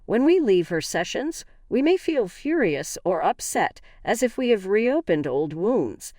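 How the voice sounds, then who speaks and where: A woman's voice: mid-range voice, very animated, unhurried, mellow, dry recording, studio quality. A woman narrating a dramatic first-person family story in an emotional storytelling manner.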